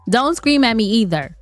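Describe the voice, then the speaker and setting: A woman's voice: a little high, no room sound. A woman giving playful, chatty commentary over a life-sim game, laughing often. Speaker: let's play host. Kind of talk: gameplay commentary.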